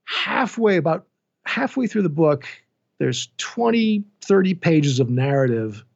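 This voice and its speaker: Middle-aged male narrator, animated and self-deprecating, slightly high voice, muffled lo-fi audio. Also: unhurried, creaky. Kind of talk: casual interview chat. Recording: dull lo-fi sound.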